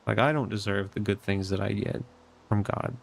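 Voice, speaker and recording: A man's voice: fairly low pitch, fairly even intonation, moderate pace, gravelly. A young man sharing a casual personal update from his bedroom at home, in an earnest, reflective way that rambles with many fillers. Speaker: vlogger.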